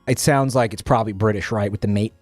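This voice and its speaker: A man's voice: fairly low pitch, fast talker, no echo, faint music behind. A young man streaming, chatting casually while reading posts, profane and rambling with many restarts.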